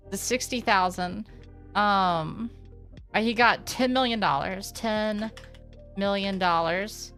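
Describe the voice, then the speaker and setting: Faint music runs in the background as a young female streamer talks casually to her live viewers in a medium-pitched, slightly bright voice. She rambles candidly and sarcastically, cursing freely and using lots of fillers.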